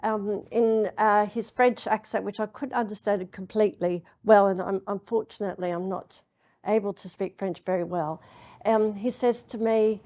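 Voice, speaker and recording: A woman giving a public lecture, telling anecdotes in a chatty way with many pauses and ums. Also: mid-range voice, steady tone, darkish tone. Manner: chatty storytelling with frequent ums. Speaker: university lecturer. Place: lecture hall.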